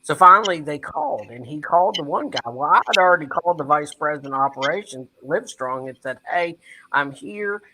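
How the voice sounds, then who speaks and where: A man from West Virginia, a guest in an interview, telling a story in an earnest, animated way and speaking to the host by name. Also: on the high side, fast, hardly any pauses, crowd noise, poor audio. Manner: animated, acts out quoted dialogue.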